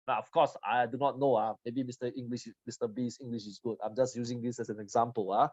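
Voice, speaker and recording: A man's voice: medium pitch, fairly even intonation, quick pace, hardly any pauses, no echo. Brief: forties male trainer, blunt teasing seminar delivery, dry dull lo-fi sound. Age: 40s. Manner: blunt, teasing, swings between loud and quiet. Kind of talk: motivational seminar talk. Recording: dull lo-fi audio.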